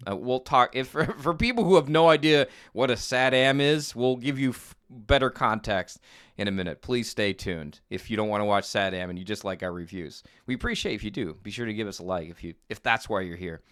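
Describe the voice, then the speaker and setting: A man's voice: on the low side, a little fast, a bit bright, smooth. A man co-hosting a podcast, chatting casually about an old cartoon in a rambling way and laughing often. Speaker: podcast co-host. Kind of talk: casual chat reviewing a cartoon.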